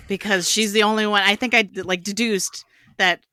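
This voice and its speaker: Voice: medium pitch, fairly even intonation, unhurried, pushed and bright, clean tone, no room sound, studio quality. A panelist on a film podcast chatting casually and using many fillers.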